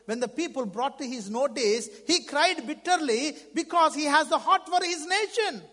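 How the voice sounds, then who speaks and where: A man preaching a sermon in English that is not his first language, fervent, swinging between loud outbursts and hushed lines. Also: very high-pitched. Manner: non-native English phrasing. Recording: long reverb of a large hall.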